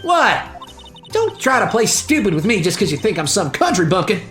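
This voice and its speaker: A woman voicing a brash, loud Southern woman photographer with a drawling Southern US accent, over game music. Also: medium pitch, sing-song, moderate pace, roomy sound, pitched above the performer's own voice. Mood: scolding.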